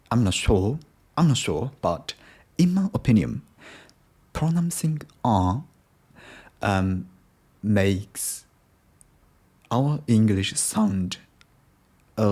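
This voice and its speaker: A young Japanese man vlogs in a casual video diary, speaking English with a Japanese accent as a learner. His voice is fairly low and somewhat dark, and he talks hesitantly, restarting often.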